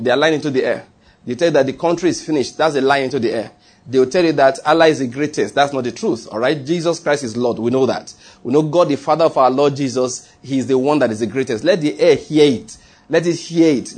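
A man's voice: on the high side, darkish tone, breathy edge. A middle-aged male pastor preaching a sermon, emphatic and repeating his key phrases.

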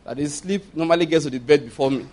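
A man's voice: on the high side, quick pace, darkish tone. A middle-aged man with a Nigerian accent preaching a sermon, emphatic, repeating phrases and acting out quoted speech.

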